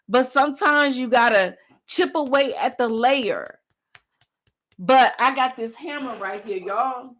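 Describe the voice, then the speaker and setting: A woman's voice: fairly high pitch, unhurried, fairly bright tone. A woman host and coach giving a passionate motivational talk, driving points home by repeating phrases.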